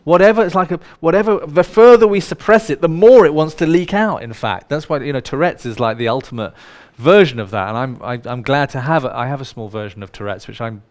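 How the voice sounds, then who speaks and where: A man's voice: on the high side, fairly quick, hardly any pauses. Playful, irreverent male workshop leader. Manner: playful, irreverent, swears casually. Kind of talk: live workshop talk to an audience. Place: indoor workshop room with a live audience.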